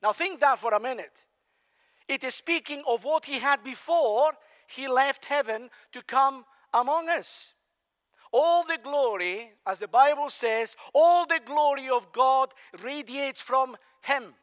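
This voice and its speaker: Male preacher from Spain, very high voice, conversational sermon, long reverb of a large hall. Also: a little slow, fairly bright tone. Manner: conversational, asks the congregation questions.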